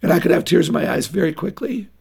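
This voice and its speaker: A woman's voice: lowish voice, animated, quick pace, vocal fry, darkish tone, husky. A woman speaking as a guest on a parenting interview, earnest and emphatic as she urges parents on. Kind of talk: radio interview talk.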